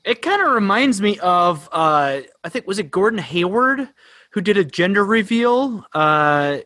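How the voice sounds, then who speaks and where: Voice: mid-range voice, measured pace. A podcast co-host telling jokey stories in casual chat. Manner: animated storyteller, jokey.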